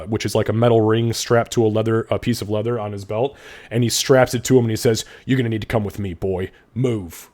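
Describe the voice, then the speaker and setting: A man's voice: mid-range voice, darkish tone. Casual young man running a tabletop game. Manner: casual, profane, descriptive narration. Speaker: game master.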